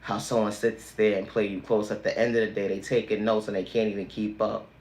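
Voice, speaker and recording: A man's voice: lowish voice, level tone, fairly quick, darkish tone, roomy sound. Preachy man with emphatic refrains. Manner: repetitive, emphatic, sermon-like refrains. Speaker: livestream host. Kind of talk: preachy motivational monologue.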